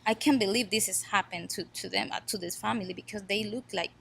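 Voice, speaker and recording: A woman's voice: medium pitch, fast, creaky, a bit bright, slightly rough. A woman interviewed as a neighbor for a news story, speaking in a hesitant, shaken way.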